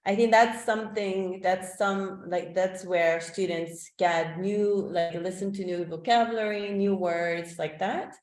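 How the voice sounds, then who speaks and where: A woman's voice: mid-range voice, fairly even intonation, measured pace, hardly any pauses, darkish tone. A woman whose first language is Korean gives an online teacher-training talk over a video call, chatty and loose, with frequent "like" and "um". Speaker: teacher presenting a webinar. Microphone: video call microphone. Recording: echoey room.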